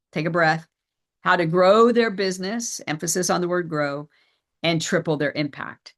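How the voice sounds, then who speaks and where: A middle-aged woman presenting a sales training as a business coach, energetic and emphatic, repeating her key phrases. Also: on the low side. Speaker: business coach and company CEO.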